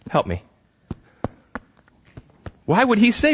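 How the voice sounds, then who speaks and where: A male pastor gives a loose, chatty sermon in a church, restarting phrases and asking the congregation questions. His voice sits at an everyday middle pitch. The recording sounds dull and lo-fi. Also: expressive, normal speed. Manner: stumbles and repeats words, quizzes the congregation. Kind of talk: conversational sermon.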